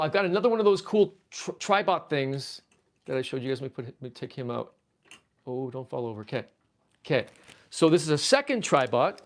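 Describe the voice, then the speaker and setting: A man from Canada hosting a casual livestream, reading viewer chat aloud and rambling playfully as he packs up his collection. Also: on the high side. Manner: rambling, playful, easily excited. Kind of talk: casual livestream chat while packing toys.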